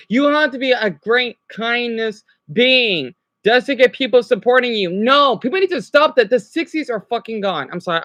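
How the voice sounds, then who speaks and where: A man's voice: very high-pitched, bright, forceful tone, no room sound. A young man ranting on a live stream. He rambles, swears often and keeps apologizing. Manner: rambling, profane, quick to apologize.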